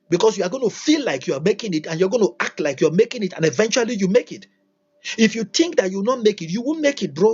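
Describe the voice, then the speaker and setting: This motivational teacher's voice sits high and carries a breathy edge. During his livestreamed talk he hammers points home, repeats himself, and poses question after rhetorical question, all captured on a dull lo-fi recording.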